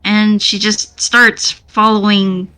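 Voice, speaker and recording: Woman player in a tabletop game, slow and rambling, bright edgy voice. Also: mid-range voice, little pitch movement, clear, resonant tone. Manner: unhurried, rambling, profane. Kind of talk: casual tabletop play.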